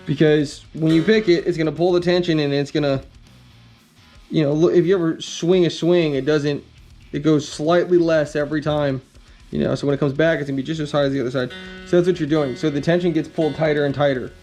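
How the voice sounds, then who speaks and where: A man explaining guitar setup in a relaxed, rambling way, with many ums and some blunt cursing. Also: a little high, fairly quick. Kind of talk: casual instructional talk.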